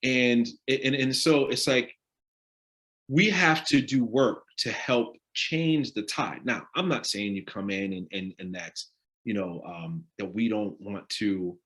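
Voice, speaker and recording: A man leading a live discussion, asking the audience direct questions in an animated way. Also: on the low side. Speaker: discussion leader on a live stream. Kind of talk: interactive talk with the audience.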